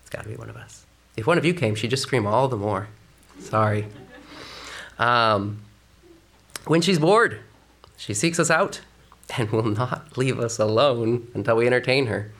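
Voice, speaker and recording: A man's voice: mid-range voice, unhurried, vocal fry, long pauses, fairly bright tone. A man preaching a conversational sermon in a church, often dropping to a whisper for emphasis. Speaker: pastor.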